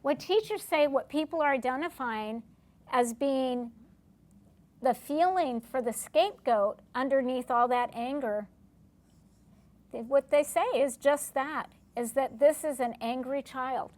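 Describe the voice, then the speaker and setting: A woman's voice: high-pitched, measured pace, darkish tone. A middle-aged woman giving a classroom lecture on family recovery, asking her audience questions and acting out short exchanges. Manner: asks the audience questions, acts out short dialogues.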